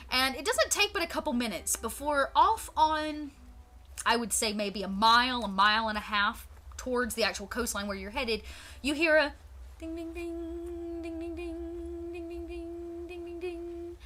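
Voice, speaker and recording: A woman's voice: fairly high pitch, sharp tone. A woman narrating as game master of a tabletop pirate game, chatty, with many fillers. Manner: chatty, lots of fillers and restarts.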